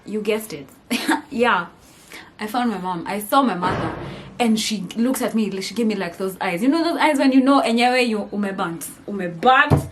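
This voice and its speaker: A young woman with a Kenyan accent telling a storytime vlog, animated and laughing as she mixes English with Swahili slang. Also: a little high, unhurried, pauses often. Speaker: vlogger.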